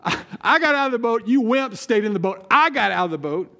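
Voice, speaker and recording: Boastful disciples reminisce and tease each other, as a preacher voices them. The voice is high, quick and cheeky. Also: male voice, animated, vocal fry, sharp tone, full character voice.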